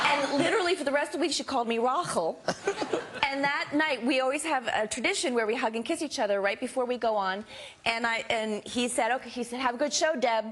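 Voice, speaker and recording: A woman, an actress guest on a talk show, telling a funny anecdote in a lively way with laughter. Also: high voice, background noise. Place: TV studio with audience.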